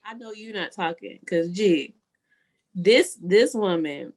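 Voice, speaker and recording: A woman's voice: mid-range voice, moderate pace. A woman co-hosting a podcast, chatting casually and enthusiastically hyping up her friends. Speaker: podcast co-host. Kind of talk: casual chat.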